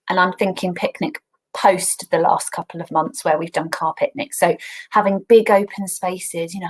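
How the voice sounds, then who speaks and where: An English woman talks to children at home in a relaxed, chatty way, as if over a video call. She keeps the tone homely and light, slipping in small laughs as she goes. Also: on the low side, poor audio. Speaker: church talk leader. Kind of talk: casual children's church talk. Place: home by a garden window.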